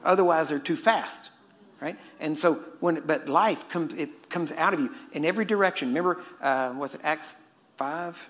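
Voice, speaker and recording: A middle-aged preacher from Texas, delivering a sermon in a fast, joking, conversational way. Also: male voice, fairly high pitch, fairly bright tone. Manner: fast-talking and joking with the audience.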